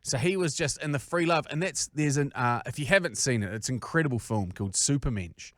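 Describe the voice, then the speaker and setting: A man with a New Zealand accent, co-hosting a podcast and telling sweary, animated stories in casual chat. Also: medium pitch, fairly quick, dry recording, studio quality. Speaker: podcast co-host.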